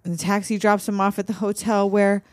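A woman co-hosting a casual chat about a film, chatty and quick to swear. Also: mid-range voice, little pitch movement, no echo, clean studio sound. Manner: chatty, swears, laughs along. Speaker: podcast co-host.

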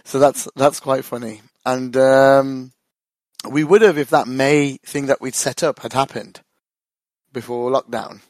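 A man's voice: mid-range voice, steady tone, a little slow, a little mellow, no room sound. A man co-hosts a casual football podcast, rambling through his story with laughs and swearing. His voice sits in a middle register. The sound is dry and close, with no room around it. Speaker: podcast co-host.

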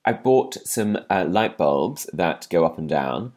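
Lively self-mocking man. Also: low-pitched, measured pace. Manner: chatty, self-mocking, rambling with many fillers. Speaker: podcast co-host. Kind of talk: casual chat. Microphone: video call.

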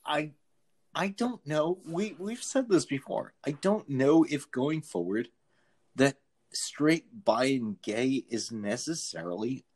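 A man co-hosting a podcast in casual chat, animated and jokey, laughing often. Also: medium pitch, slow. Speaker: podcast co-host.

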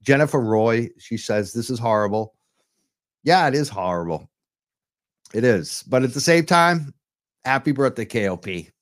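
A man hosts a live-streamed talk show, speaking with impassioned, urgent advocacy. His medium-pitched voice is expressive, moving at normal speed with long pauses, picked up by a computer mic while he's on webcam.

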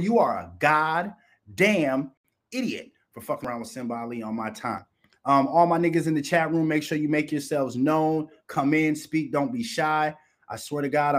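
A man of middle pitch hosting a live stream, talking casually to his viewers. He is brash and boastful, swears constantly and breaks into laughter between points. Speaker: livestream host. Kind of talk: casual profane commentary to a live chat.

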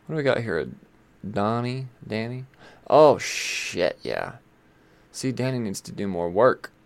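A man talking casually about comic books, rambling and chatty, with lots of fillers and some swearing. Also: mid-range voice. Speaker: comic book reviewer. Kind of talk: casual chat.

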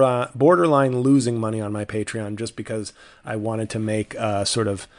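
A man hosting a comedy podcast, telling a rambling, profane story with mock outrage and frequent restarts. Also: on the low side. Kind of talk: rambling comic monologue.

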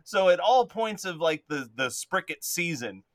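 A young man co-hosting a podcast in casual chat, telling animated stories and laughing often mid-sentence. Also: sits high, unhurried, no echo. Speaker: podcast co-host. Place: home basement.

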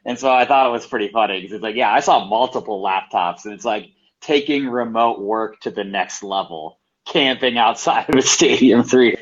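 Low-voiced man chatting about a soccer final. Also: moderate pace, few pauses, muffled recording. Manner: rambling, filler-heavy, anecdotal. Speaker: soccer reporter co-hosting a live audio show. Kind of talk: casual match preview chat.

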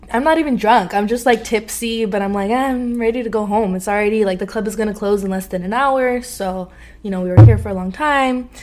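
Animated young woman telling a story. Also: medium pitch. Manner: animated, slangy, laughing often. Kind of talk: casual storytelling.

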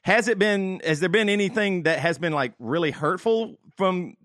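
A man hosting a podcast, asking rambling, halting questions full of fillers. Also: high voice, fairly bright tone, no room sound, studio quality. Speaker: podcast host. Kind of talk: casual interview.

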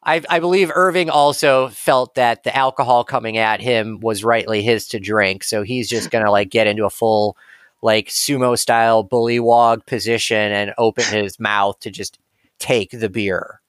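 A man's voice: on the low side, fairly even intonation, moderate pace, fairly bright tone, clean tone, no echo. Laid-back man running a tabletop game. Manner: casual, profane, laid-back storytelling. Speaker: game master.

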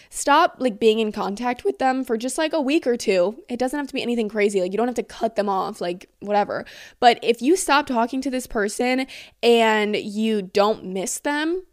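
A woman's voice: fairly high pitch, no room sound, clean studio sound. A young woman hosting a podcast, giving blunt, sassy dating advice in a casual monologue, peppered with "like" and swearing. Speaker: podcast host.

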